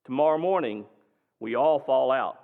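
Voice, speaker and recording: A man doing a calm, stern army sergeant. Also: mid-range voice, normal speed, creaky. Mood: calm defiant. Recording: tinny, echoing hall.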